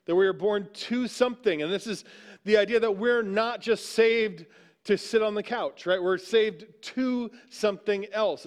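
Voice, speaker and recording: High-voiced man preaching conversationally. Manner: conversational preaching, frequent "right?" asides. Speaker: pastor. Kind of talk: sermon. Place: church sanctuary.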